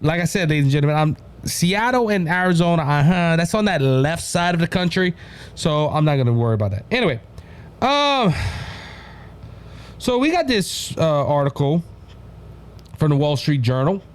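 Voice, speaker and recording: A man with a Cajun accent from Louisiana hosts a political commentary show. His voice sits high for a man, and he talks in an animated, chatty way, calling out to "ladies and gentlemen" as he goes. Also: moderate pace, clear, resonant tone. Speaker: host.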